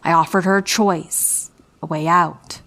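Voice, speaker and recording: A sinister female spirit living inside a lifelike doll, voiced by a man, speaks in a flat, sarcastic monotone. The voice sits well above a man's natural pitch and has a hollow, altered quality. It suits a horror story told by a single narrator. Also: unhurried. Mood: cold, mocking.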